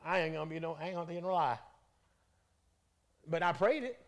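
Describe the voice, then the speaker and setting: A man leading a Bible study as bishop, preaching in an animated, folksy way and calling out to the congregation. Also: on the high side, quick pace. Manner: animated, conversational, calls out to the congregation; colloquial, folksy phrasing.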